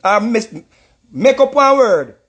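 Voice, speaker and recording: A man's voice: very high voice, lively intonation, slow, a bit bright, slightly rough. A man with a Jamaican accent, reacting to clips in heated commentary, repeating himself in an indignant, mocking way. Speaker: reacting artist.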